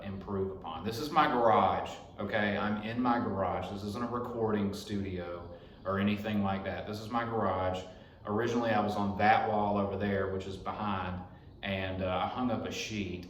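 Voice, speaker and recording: A man's voice: fairly low pitch, slight background noise. A young man hosting a podcast in his garage, rambling through a profane story in a casual monologue. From Alabama. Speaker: podcast host. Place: home garage. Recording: echoey garage.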